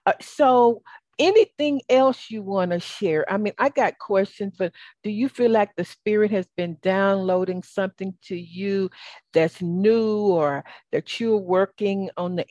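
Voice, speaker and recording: A woman's voice: mid-range voice, unhurried, no room sound. A woman with a Southern US accent hosting an interview, affirming her guest with faith-tinged phrasing. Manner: warm, affirming, churchy phrasing. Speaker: podcast host.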